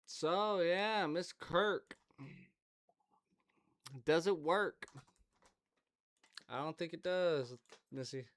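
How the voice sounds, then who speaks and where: A man's voice: fairly high pitch, very slow, long pauses, a bit bright. A man hosting a podcast in a casual, rambling monologue, swearing freely and talking to his dog. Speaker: podcast host.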